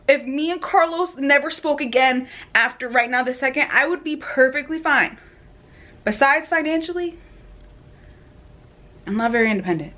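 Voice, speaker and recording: A young woman chatting casually to camera about her small business, animated and full of fillers. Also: high-pitched, moderate pace, pauses often. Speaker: vlogger and small business owner.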